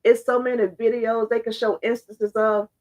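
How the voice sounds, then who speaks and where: A woman giving blunt, fired-up opinion commentary straight to her viewers, her voice hoarse and congested. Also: a little high, little pitch movement, moderate pace, darkish tone, rough recording. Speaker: social media commentator.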